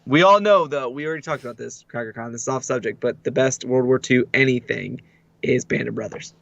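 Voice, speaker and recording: A man's voice: medium pitch, creaky, no room sound. A man co-hosting a podcast, chatting casually and breaking into joke impressions. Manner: animated, quick to joke and do impressions. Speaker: podcast co-host. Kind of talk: casual chat. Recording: dry, dull lo-fi sound.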